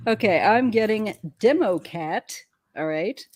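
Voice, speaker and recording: A woman's voice: medium pitch, animated, unhurried, darkish tone, a little hiss or hum. A woman guest reading oracle card messages aloud in a playful, joking way. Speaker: tarot reader guest.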